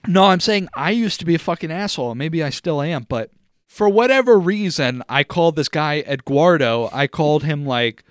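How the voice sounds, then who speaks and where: A man's voice: fairly high pitch, lively intonation, normal speed, no echo, studio quality. A young man co-hosting a podcast, telling a rambling story in a joking, casual way. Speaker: podcast co-host. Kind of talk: casual chat.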